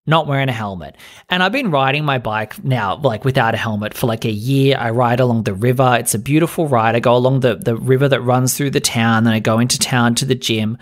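A young man rants his way through a story. His pitch sits mid-range. He sounds chatty and exasperated, with fillers and swearing throughout. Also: fairly quick. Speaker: podcast host. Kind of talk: casual storytelling rant.

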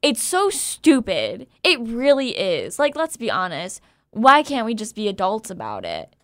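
A woman's voice: on the high side, huge pitch swings, a little slow, fairly bright tone, dry recording, studio quality. A woman talking frankly and animatedly in a casual podcast chat, swearing freely.

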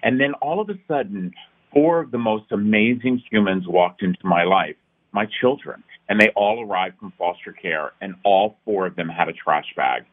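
Speaking at a moderate pace in a voice on the low side, a middle-aged nonprofit founder recounts his story for an interview. He is passionate, earnest, and emphatic, climbing to rousing peaks. The audio has a tinny, phone-like quality.

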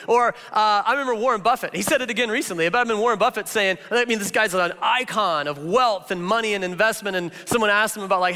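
Male pastor, high bright voice, chatty animated sermon delivery, roomy hall sound. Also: fast talker, few pauses. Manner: animated, chatty, full of filler words. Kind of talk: casual conversational sermon.

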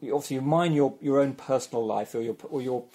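Fast-talking, halting interviewer. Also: male voice, medium pitch, mellow. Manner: halting, many restarts and repeated words. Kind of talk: interview conversation.

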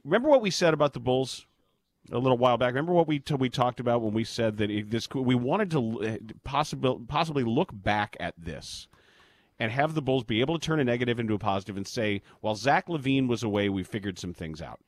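A man's voice: medium pitch, lively intonation, fast, no room sound. A man hosting a sports talk show, chatting casually with bursts of mock outrage. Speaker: sports radio host.

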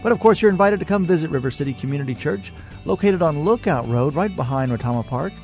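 A man's voice: fairly high pitch, lively intonation, quick pace. A man reading a scripted radio program outro as announcer. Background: soft guitar music.

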